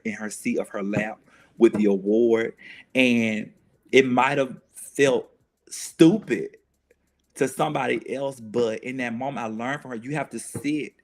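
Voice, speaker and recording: A man's voice: mid-range voice, a little hiss or hum. A man, speaking as a guest in an earnest, reflective conversation, often restarting and repeating phrases as he works through his thoughts.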